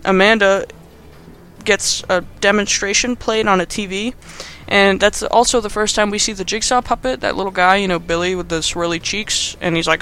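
Bright, high-voiced man rambling sarcastically. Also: steady tone, moderate pace, smooth. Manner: rambling and sarcastic, heavy on fillers. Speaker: podcast host. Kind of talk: casual movie recap.

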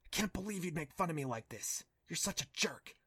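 A man voicing a sharp, skeptical young girl who scoffs and doubts, in a dry storybook reading. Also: a little high, lively intonation, husky, no echo, pitched above the performer's own voice. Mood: hurt. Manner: indignant, quick to scoff.

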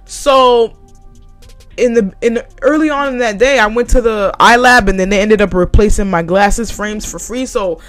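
A woman's voice: mid-range voice, normal speed, faint music behind. Blunt, profane young woman telling a story. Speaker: vlogger telling a work story. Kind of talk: casual storytime monologue.

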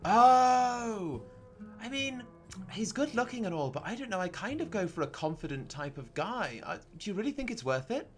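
A man's voice: sits high, very animated, brisk, faint music behind, pitched above the performer's own voice. A man doing a coy hesitant grizzly bear. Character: male grizzly bear, hesitant and picky about dates.

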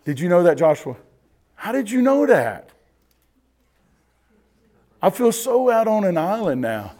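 Pastor in his forties, high tenor, lively teaching sermon, keeps checking "you ready?". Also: unhurried. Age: 40s. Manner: animated, asks the listeners questions and repeats "you ready?". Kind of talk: expository Bible teaching sermon.

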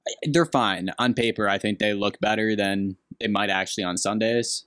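A man's voice: on the low side, fairly even intonation, moderate pace, a bit bright, no echo, studio quality. A young man from Green Bay co-hosting a podcast, giving blunt, opinionated takes in casual sports chat. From Green Bay, Wisconsin. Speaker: podcast co-host.

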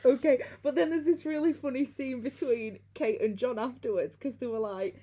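A woman's voice: sits high, normal speed, dark tone. A young woman hosting a podcast, recapping a film in a chatty way and laughing easily. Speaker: podcast host. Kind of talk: casual film recap chat.

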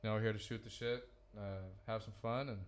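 A man's voice: fairly low pitch, flat delivery, fast talker. A man hosting a casual podcast, loose and joking, swearing freely as he introduces his guests. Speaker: podcast host.

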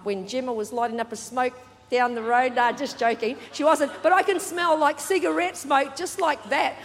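Lively high-voiced woman pastor. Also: in a large hall. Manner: chatty and animated, laughing, joking asides. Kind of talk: sermon. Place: large church hall.

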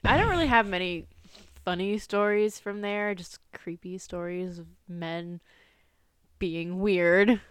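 A woman's voice: on the low side, takes it slowly, clear, resonant tone, no echo, clean studio sound. A woman in her twenties co-hosting a casual podcast, blunt and teasing, swearing at her friend. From Florida. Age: 20s. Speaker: podcast co-host. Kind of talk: casual chat.

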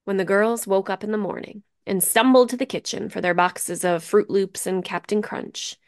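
A woman co-hosting a podcast, narrating a scripted story in an atmospheric way, dropping to a hush for suspense. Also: medium pitch, steady tone, normal speed, dry recording, studio quality. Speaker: co-host.

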